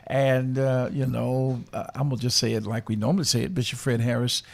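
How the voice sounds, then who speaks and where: A man hosting a faith radio show, chatting casually with many fillers and halting restarts. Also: mid-range voice, fairly even intonation, vocal fry. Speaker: radio host.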